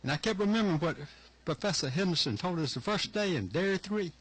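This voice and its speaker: An older man gives testimony in a hearing room, his voice husky and pitched a little high. He speaks earnestly and haltingly, stopping to collect himself as he tells his story. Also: animated, a bit bright. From Georgia, USA. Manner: earnest, halting, emotional retelling. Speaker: witness testifying at a legislative hearing. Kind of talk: public testimony.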